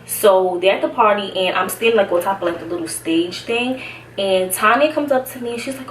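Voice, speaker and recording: A young woman from Brooklyn tells a casual storytime vlog in a chatty, slangy way. She sounds a little out of breath. Her voice sits at a middling pitch and comes across an echoey room from a short distance. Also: brisk. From Brooklyn, New York. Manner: chatty, slangy, laughs often. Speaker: vlogger. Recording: echoey room, somewhat far from mic, faint hiss.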